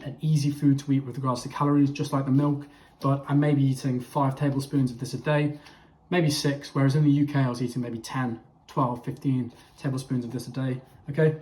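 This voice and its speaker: A man's voice: mid-range voice, level tone, fairly quick, dark tone. A young man giving a chatty fitness vlog, talking straight to his viewers and tagging lines with okay. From England. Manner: chatty, addresses viewers as boys, frequent okay. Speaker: fitness vlogger. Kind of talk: casual vlog to camera. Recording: echoey room.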